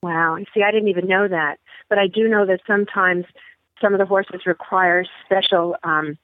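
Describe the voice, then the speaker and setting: A woman's voice: lowish voice, steady tone, dry recording. New York woman on a phone line. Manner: enthusiastic, quick exclamations. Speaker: podcast listener guest. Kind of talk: casual roundtable chat. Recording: tinny phone-line audio.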